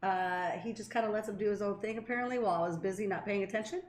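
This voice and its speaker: A woman podcast co-host in casual storytelling chat, animated and swearing freely as she talks. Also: mid-range voice, racing. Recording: echoey room.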